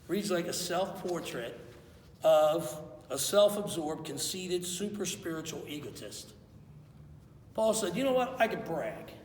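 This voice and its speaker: A man's voice: mid-range voice, recorded from a distance, slight background noise. A man preaching a conversational sermon as pastor in a church, acting out quotes as he goes. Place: church sanctuary. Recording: echoey hall, voice from afar.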